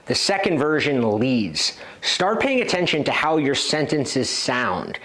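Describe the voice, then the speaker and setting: A man coaching listeners in a direct, self-assured way at a mid-range pitch. He works through numbered tips and drops quick example lines into his explanation. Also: big pitch swings, a bit bright. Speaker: dating coach. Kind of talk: instructional talk to camera.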